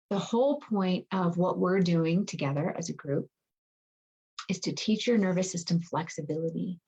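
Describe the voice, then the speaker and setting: A wellness coach chats casually with her online group, reassuring them and thinking out loud while often checking in with "right?". Her voice is on the low side, a little mellow, with vocal fry, and the sound is lo-fi.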